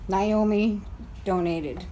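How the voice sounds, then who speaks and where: A woman's voice: medium pitch, takes it slowly, dark tone. A woman off-camera who chats casually and reads out viewer donations, giggling now and then, recorded outdoors. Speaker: co-host reading donations. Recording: faint outdoor noise.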